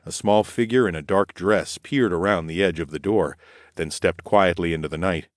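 A man narrates a first-person story in a low, measured voice. His delivery is steady storytelling. The recording is dry and close, with no room sound. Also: dry recording. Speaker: audiobook narrator.

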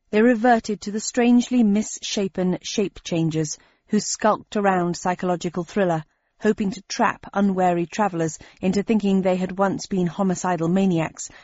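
A woman's voice: lowish voice, darkish tone, dry recording, dull audio. Wry woman narrating an audiobook. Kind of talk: scripted narration.

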